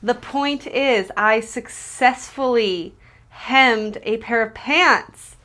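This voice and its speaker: A woman chats to her camera at home in a casual vlog. Her voice sits a touch high, and she rambles freely, poking fun at herself as she works things out aloud. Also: drawn-out words, bright, forceful tone. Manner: chatty and self-deprecating, thinking aloud with fillers. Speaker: vlogger. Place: at home, indoors.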